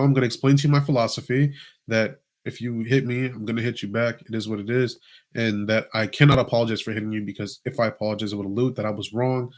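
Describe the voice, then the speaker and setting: A young man vlogging, telling a casual personal story in a slangy, animated way with lots of filler words. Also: fairly low pitch.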